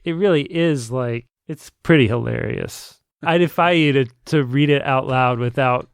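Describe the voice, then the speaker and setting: A man's voice: mid-range voice, normal speed, creaky, smooth, no echo. A man, a parent, chatting earnestly on a book podcast. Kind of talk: casual chat.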